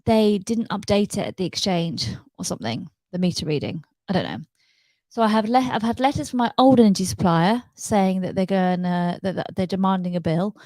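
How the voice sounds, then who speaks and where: A woman's voice: fairly low pitch, a little mellow, no room sound, rough recording. Woman, personal rant to camera, upset, emphatic, repeats lines, dry close sound.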